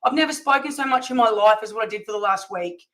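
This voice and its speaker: A woman's voice: on the high side, fast talker, fairly bright tone, poor audio. A woman on a talk panel, telling a story in casual chat and acting out the people she quotes. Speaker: campaign volunteer and panel guest.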